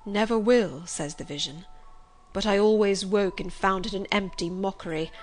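A woman reading aloud and voicing a blind, brooding older gentleman who swings between commanding demands and desperate pleading. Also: mid-range voice, steady tone, a little slow, faint music behind, lightly acted. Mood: anguished. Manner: urgent, imperious, pleading outbursts.

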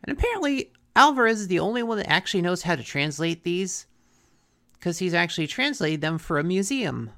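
A man's voice: high voice, a little fast. A man co-hosting a podcast, recapping a cartoon episode in a casual chat and acting out lines from it. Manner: animated, acts out quotes from the episode.

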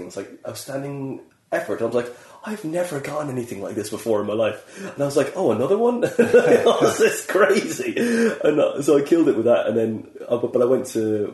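A man's voice: on the low side, dark tone. A man from Ireland with a West Cork accent, chatting enthusiastically as host. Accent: Irish, West Cork. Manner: enthusiastic, quick, lots of fillers. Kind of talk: casual chat. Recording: echoey room.

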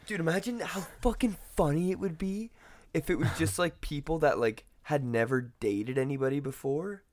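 A young man co-hosting a podcast, chatting casually and telling profane, animated stories. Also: a little high, normal speed. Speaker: podcast co-host. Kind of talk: casual chat.

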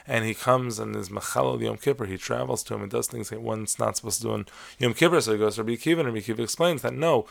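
Gravelly-voiced man teaching a Torah lesson. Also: mid-range voice. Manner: measured, explanatory, sprinkles Hebrew terms. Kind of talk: lecture-style lesson on Talmud stories.

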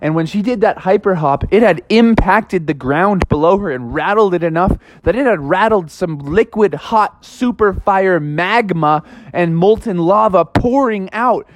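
A man's voice: high voice, a little slow, noisy background. A man improvising a playful, dramatic story for children.

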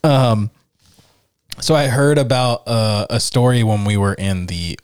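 A man's voice: on the low side, measured pace, a little mellow, clear, resonant tone. A man co-hosting a podcast in casual chat, laid-back and joking, swearing casually. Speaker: podcast co-host.

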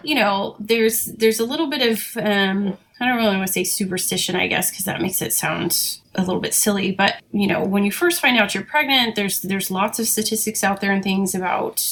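A woman's voice: medium pitch, moderate pace, few pauses, fairly bright tone. A woman in her thirties, a veterinary technician, chatting casually on a podcast, with frequent fillers and laughs.

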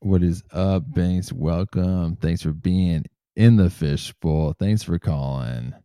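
A man hosting a casual comedy podcast, swearing freely and reading news quotes aloud in a relaxed, joking way. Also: low voice, slow pace, clear, resonant tone, no room sound, clean studio sound. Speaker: podcast host.

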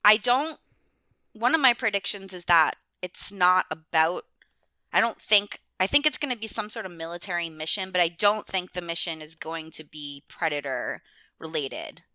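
A woman's voice: lowish voice, expressive, moderate pace, sharp tone, dry recording. A woman chatting casually as a podcast guest. She rambles, fills her talk with "like," and laughs often. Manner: rambling, many "like"s, frequent laughs. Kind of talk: casual chat.

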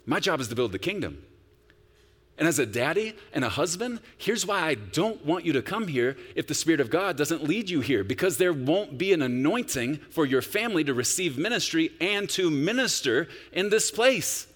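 A man preaching a sermon with a lively, wide-ranging voice that drops to a hush and then rises to near shouting. His words ring out in a church sanctuary with a long, trailing reverb. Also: on the high side, moderate pace. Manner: dramatic swings from hushed to loud, emphatic preaching. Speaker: pastor.

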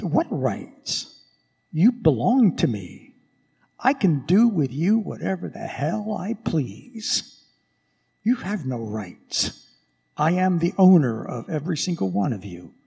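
A man's voice: a little high, very animated, slow, creaky, warm tone, breathy edge, heavily acted. Priest doing a sneering roman emperor guy, cruel and lordly, echoey church. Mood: domineering. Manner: scornful, laughing, domineering. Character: mocking ancient Roman emperor, male, arrogant, cruel. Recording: echoey church from some distance.

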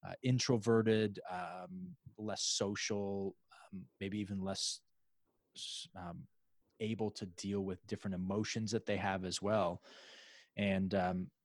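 A man with a fairly low voice hosts a relaxed, casual conversation. He rambles with frequent restarts and fillers, and now and then jumps higher to act out what someone else might be thinking. The sound is dry and close. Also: slow, dry recording. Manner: acts out other people's inner voices in a raised pitch. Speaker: podcast host.

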